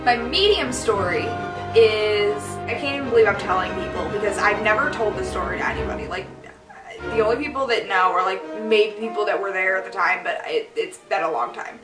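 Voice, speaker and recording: A woman's voice: mid-range voice, a little fast, reverberant, recorded from a distance, over music, poor audio. A young woman vlogger telling embarrassing stories in a rambling, profane, self-mocking way. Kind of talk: casual storytelling vlog.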